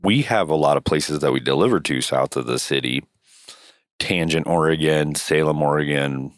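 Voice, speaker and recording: A man with an extremely low voice, made hoarse and rough by a cold. He co-hosts a podcast in loose, rambling chat, tossing in jokes as he goes. The sound is dry and close, with no room around it. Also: normal speed, dry recording. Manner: rambling, joking. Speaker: podcast co-host. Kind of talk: casual chat.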